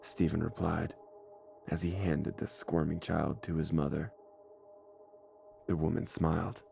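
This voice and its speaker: A man narrating a scripted horror story in a measured, deliberate way, with music playing behind him. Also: rumbling low, level tone, creaky, mellow. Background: faint music score.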